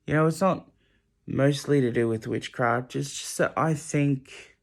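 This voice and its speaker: A young man talks to the camera late at night in a loose, rambling monologue. He sounds emotional and close to tears, stumbling and restarting his sentences as he goes. His voice sits at an ordinary middle pitch. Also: vocal fry. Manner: emotional, halting, many restarts. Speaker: vlogger.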